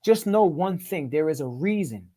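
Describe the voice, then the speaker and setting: A man's voice: fairly high pitch, lively intonation, normal speed, dark tone. A middle-aged man telling his life story as a podcast guest in emphatic, profane street talk. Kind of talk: casual storytelling.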